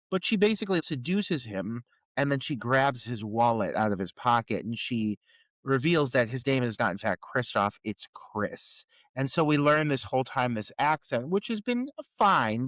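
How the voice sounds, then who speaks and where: Animated, exasperated male podcast co-host. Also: medium pitch, no room sound. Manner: incredulous, profane ranting critique. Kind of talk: casual movie review chat.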